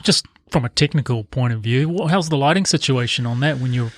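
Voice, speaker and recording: A man's voice: medium pitch, brisk, dry recording. A man co-hosts a casual podcast. He asks curious, practical questions. The sound is dry and up close.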